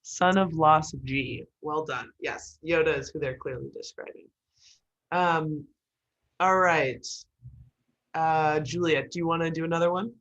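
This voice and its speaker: A woman instructor giving an online writing class in a joking, lively way, over a video call. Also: low voice, measured pace, highs cut off.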